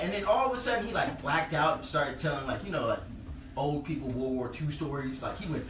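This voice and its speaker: A man doing a stand-up comedy set in a bar, telling stories and acting out the people in them with loud shouted voices. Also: on the high side, fast, noisy background. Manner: animated, acts out characters with loud shouted voices. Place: bar stage before a live audience. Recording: roomy, distant live club recording. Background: audience laughter.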